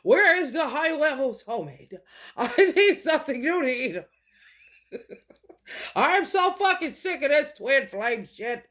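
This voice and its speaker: A woman in a profane, confrontational spiritual monologue, swinging between low mutters and loud outbursts. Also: very animated, slow pace. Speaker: vlogger.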